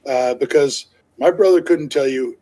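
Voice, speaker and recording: A man's voice: medium pitch, normal speed, dark tone, poor audio. A man telling a long, rambling story to his co-host on a live stream, full of fillers and restarts and laughing easily. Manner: laughs easily while talking. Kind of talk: casual chat on a live stream.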